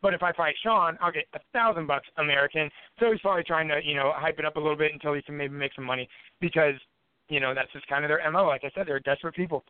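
A man with a high voice rattles off a profane, rambling story at a quick clip. The sound is tinny and phone-like, with a dry, close room. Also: fairly even intonation, clear, resonant tone, no echo. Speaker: podcast guest, fighter. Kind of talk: casual storytelling.

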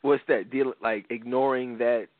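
A middle-aged man hosting a radio talk show, preaching in a casual, animated way. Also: mid-range voice, unhurried, no echo. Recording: dry phone-like radio sound.

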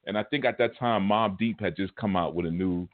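A man teaching a spiritual class, telling stories in a casual, animated, colloquial way. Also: low-pitched, fairly quick. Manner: animated, colloquial, chuckles mid-story. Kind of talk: casual storytelling lecture. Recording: phone-like narrow band audio.

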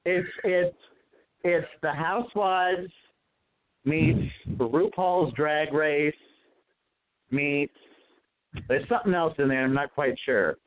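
A man's voice: on the high side, slow, pauses often. A man co-hosting a casual podcast chat, telling gossipy stories with plenty of swearing. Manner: profane, gossipy storytelling. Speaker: co-host. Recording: phone-like narrow sound.

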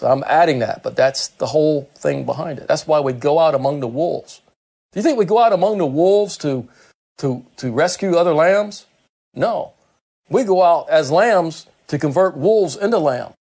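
A man preaching a sermon, reading scripture verse by verse and explaining it in his own words, slowing down for quoted lines and speeding up when he acts out a character. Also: creaky, darkish tone. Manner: slows right down for quoted words, speeds up and climbs in pitch when acting out Peter.

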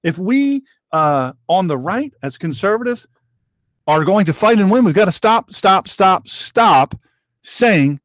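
A man's voice: big pitch swings, normal speed, no room sound. A man hosting his own broadcast, giving emphatic political commentary with heated repetition. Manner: heated and emphatic, with sharp pitch jumps and repetition. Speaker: host of an online broadcast.

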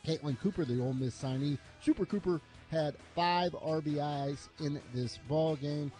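A man over forty hosting a morning sports talk radio show, briskly reading scores and rundowns. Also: fairly high pitch, mellow, soft background music.

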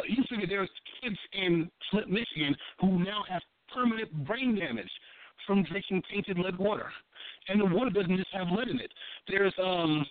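A man's voice: high voice, dry recording. Blunt, profane man with a tinny sound. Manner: profane, blunt, repeats himself while building a point. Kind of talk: casual political commentary. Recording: thin phone-like dry sound.

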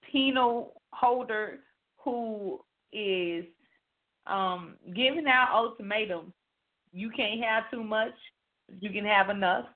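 Woman, host, casual banter, exclaiming, teasing, fairly high voice, tinny line.

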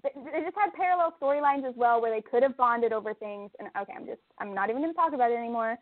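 A woman co-hosting a casual chat, animated and emphatic, laughing often and getting heated. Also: fairly high pitch, racing, no room sound. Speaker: podcast co-host. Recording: tinny phone-like line, dry.

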